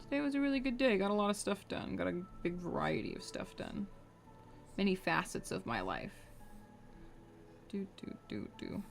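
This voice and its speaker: A woman's voice: medium pitch, very animated, brisk, vocal fry, slight background noise. A young adult woman streaming live while she draws, rambling casually to her chat and humming between remarks.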